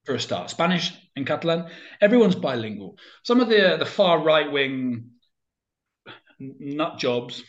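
A man's voice: fairly high pitch, expressive, measured pace, muffled recording. A man chatting casually as an interview guest, talking in loose, rambling sentences full of fillers and restarts.

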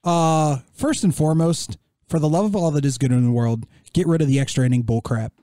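A man's voice: on the high side, fairly quick, mellow, dry recording, studio quality. A man co-hosting a sports talk show, joking and teasing, with strong opinions. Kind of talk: casual sports radio chat.

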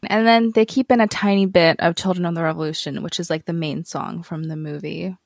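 A woman's voice: on the low side, steady tone, brisk, gravelly, no echo. A young woman co-hosting a podcast, chatting casually with sarcastic asides and plenty of fillers. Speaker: podcast co-host. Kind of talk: casual chat.

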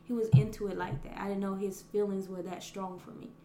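A woman's voice: mid-range voice, little pitch movement, a little fast, dark tone, slight background noise. A woman talking in a hesitant, reflective way, laughing often, in a casual podcast conversation. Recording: roomy echo.

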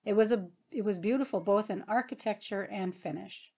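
A woman reading a story aloud as narrator, in a gentle, earnest manner. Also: mid-range voice, moderate pace. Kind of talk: audiobook narration.

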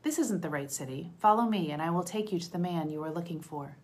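Calm old prophet guy, woman reading him, steady and firm. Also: lowish voice, fast talker, close to an everyday voice.

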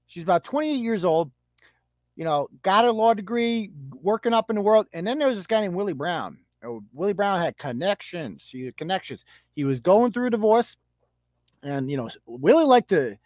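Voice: mid-range voice, darkish tone, no echo, studio quality. A podcast host delivering a profane, mocking rant as commentary. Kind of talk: ranting commentary.

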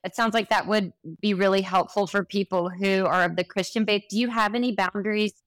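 A woman's voice: mid-range voice, steady tone, a little fast, no echo. A woman hosting a podcast, who reflects on what she hears and asks thoughtful questions. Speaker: podcast host. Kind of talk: podcast interview.

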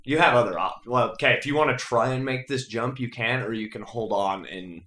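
A man's voice: medium pitch, fairly quick, pushed and bright, reverberant. A man narrating as game master of a tabletop game, describing scenes casually.

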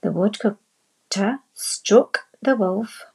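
A woman narrating a children's storybook in a slow, deliberate reading voice. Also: mid-range voice, a little mellow, breathy edge, poor audio.

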